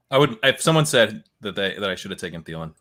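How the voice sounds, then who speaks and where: A man's voice: fairly low pitch, fairly bright tone. A man hosting a casual fantasy football live stream, thinking aloud about his picks and laughing easily. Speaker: fantasy football podcast host drafting live.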